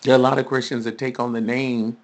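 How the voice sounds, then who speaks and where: A man's voice: medium pitch, level tone, quick pace. A male preacher giving a recorded teaching sermon, emphatic and often asking his listeners questions.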